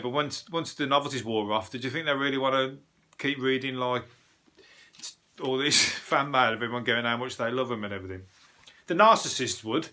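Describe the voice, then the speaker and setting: A man's voice: medium pitch, bright, forceful tone. A middle-aged man with a Birmingham accent, a comedian and podcast host rambling through the news in a casual solo chat, swearing freely and laughing at his own jokes.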